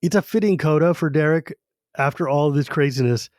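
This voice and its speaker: A man on a podcast recaps a book chapter in a loose, rambling way. His voice sits a little high. The recording is dry and close. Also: a little fast, darkish tone, dry recording. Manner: rambling retelling, lots of "he's like". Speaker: podcast host.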